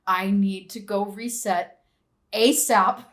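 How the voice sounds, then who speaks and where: A middle-aged woman co-hosting a casual podcast, telling a travel story with lively, acted-out quotes. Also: mid-range voice, slow. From San Diego area. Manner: animated storytelling, acts out quoted people. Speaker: podcast co-host. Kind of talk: casual chat.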